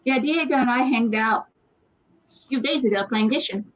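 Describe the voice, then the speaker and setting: A woman chatting casually, rambling and correcting herself as she talks. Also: a little high. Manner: rambling, halting, self-correcting. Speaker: livestream participant. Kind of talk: casual chat. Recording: dull lo-fi audio.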